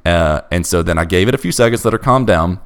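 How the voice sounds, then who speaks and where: A man's voice: low voice, expressive, quick pace, clear, resonant tone. A young man telling a bizarre personal story in a casual chat, emphatic and restless. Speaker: storyteller guest.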